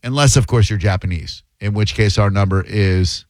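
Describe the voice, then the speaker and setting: A man's voice: fairly low pitch, normal speed, few pauses, no room sound. A man hosting a talk radio show, chatting casually and making sarcastic jokes. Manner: joking, sarcastic asides. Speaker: radio host.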